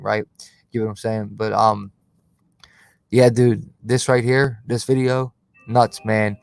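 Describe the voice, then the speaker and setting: A creaky, fairly low-pitched voice, free of echo, belongs to a conspiracy channel host ranting on a livestream. He's confrontational and slangy, casual in manner, and tags "bro" and "cuz" onto what he says.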